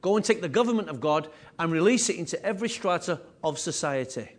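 High voiced guy preaching a sermon, punchy repeated lines, gets loud then drops soft. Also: animated, fast talker. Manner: emphatic preaching with repeated phrases and swings in loudness. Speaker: pastor.

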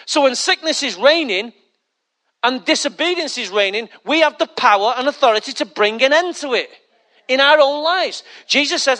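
High, bright-voiced male pastor preaching. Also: normal speed. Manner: humorous, lively storytelling preacher. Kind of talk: sermon.

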